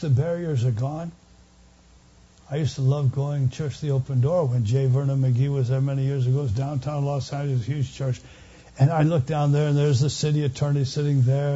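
An older man, a longtime pastor, preaching a sermon earnestly, rising loud on key phrases and dropping quiet again. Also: on the high side, husky, highs cut off.

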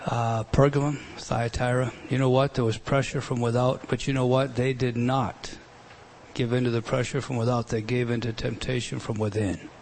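A man preaching a sermon, emphatic, with loud bursts, quiet asides and many rhetorical questions. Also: medium pitch, level tone, moderate pace, slight background noise.

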